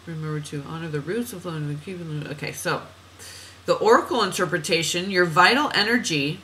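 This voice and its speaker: A woman's voice: lowish voice, fairly quick, pushed and bright, slight background noise, low-quality recording. A woman reading oracle cards for a client in a chatty, meandering way, laughing at herself and drifting off on tangents. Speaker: oracle card reader. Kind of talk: spiritual card reading monologue.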